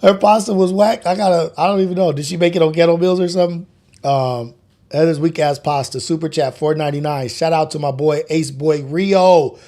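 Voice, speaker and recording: A man's voice: on the high side, brisk, mellow. Joking man in his forties hosting. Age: 40s. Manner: loose and joking, swears often, laughs a lot. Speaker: podcast host. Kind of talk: casual morning show chat.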